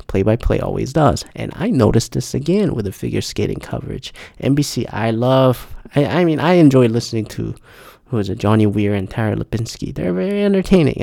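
A man with a gravelly, mellow voice delivers an exasperated casual rant full of profanity. The sound is dry and close, with no room around it. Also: medium pitch, dry recording.

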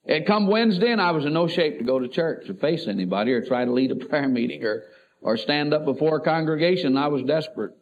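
A middle-aged man, a pastor, telling an emotional personal story in a sermon, swinging between loud and soft. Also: on the high side, animated, quick pace, a little hiss or hum. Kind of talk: sermon testimony. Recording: tinny phone-like lo-fi recording.

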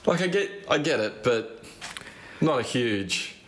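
A man's voice: mid-range voice, expressive, measured pace, a little hiss or hum. A man, co-hosting a casual sports chat podcast, blunt and laughing, swearing freely. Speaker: podcast co-host.

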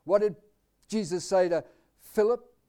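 A man with an Australian accent preaching a live sermon, quizzing his congregation with questions and swinging between loud declarations and quiet asides. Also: high-pitched, unhurried, clean tone.

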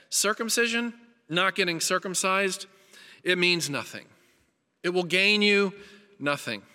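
A man preaches with an earnest, emphatic delivery, his bright, forceful tone carrying through a hall with a long reverb. His voice sits a little high for a man, and he hammers his points home by repeating them. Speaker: pastor. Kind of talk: sermon.

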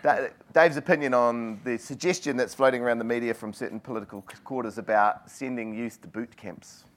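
A man's voice: mid-range voice, fairly even intonation, fairly quick. A man hosting a live book talk, prompting the guests with jokey asides and taking audience questions. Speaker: panel host.

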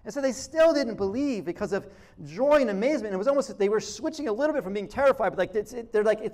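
High-voiced man preaching conversationally. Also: expressive, quick pace, few pauses, a little mellow. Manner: conversational, with frequent restarts and acted-out quotes. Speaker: pastor. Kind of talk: sermon.

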